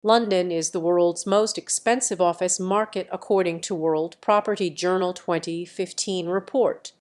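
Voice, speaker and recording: A woman narrating encyclopedia entries in an even, matter-of-fact reading with stiff pauses. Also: on the low side.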